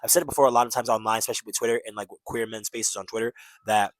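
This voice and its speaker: A man's voice: fairly low pitch, fairly even intonation, very fast, no room sound. A man in his twenties talking casually to camera, rambling and tacking "and whatnot" onto his points. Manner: rambling, peppers talk with "and whatnot". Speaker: vlogger.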